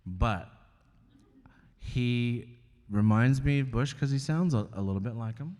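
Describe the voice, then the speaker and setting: A male comedian as guest in a live on-stage conversation, talking candidly and wryly, often halting and restarting. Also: mid-range voice, expressive, a little mellow, big-room sound. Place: stage at an arts venue before an audience.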